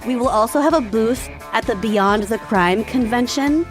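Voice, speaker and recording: A Midwestern woman co-hosts a podcast, chatting with casual enthusiasm and frequent laughter. Her pitch is fairly high, her pace moderate, and music plays behind her.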